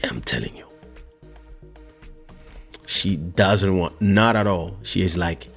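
Man, podcast host, casual chat, low voice, lively pitch, faint music behind. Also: slow pace, creaky. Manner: animated storyteller, lively.

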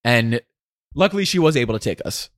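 A man's voice: medium pitch, lively intonation, brisk, no room sound, studio quality. A young man co-hosting a casual podcast, telling a long family story and acting out the other people's lines as he goes. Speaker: co-host.

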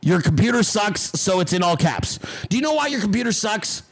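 A man's voice: high-pitched, animated, a little fast, rough recording. A man hosting a livestream, ranting at his chat with heavy profanity and mocking sarcasm. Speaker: livestream host.

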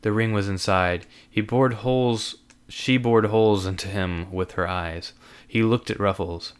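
A man narrating a story aloud in an animated reading. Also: on the low side, measured pace, smooth.

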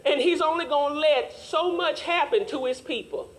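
High-voiced woman preaching with fervor. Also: moderate pace, crowd noise. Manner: call-and-response preaching, rising to shouts. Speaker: Sunday school teacher. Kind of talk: preaching Sunday school lesson.

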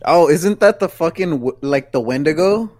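Animated, swearing young man chatting. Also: a little high, moderate pace, no echo, studio quality. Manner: swearing, laughing a lot, animated. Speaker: podcast co-host. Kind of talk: casual chat.

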